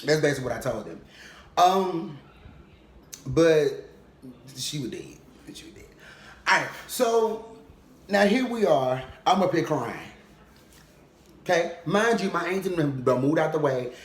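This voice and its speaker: A young man telling a funny personal story in casual vlog style, animated and comic, often checking in with "okay?". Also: fairly high pitch, measured pace, pauses often. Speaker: vlogger. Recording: roomy echo.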